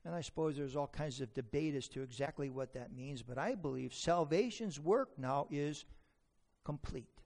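A man's voice: on the high side, normal speed, a little mellow. A man preaching a sermon, emphatic, asking rhetorical questions and quoting scripture. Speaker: pastor.

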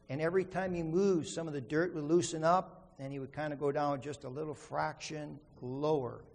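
A man's voice: on the high side, gravelly, big-room sound. A man preaching an earnest sermon, telling a story and then teaching from scripture with emphasis. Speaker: pastor.

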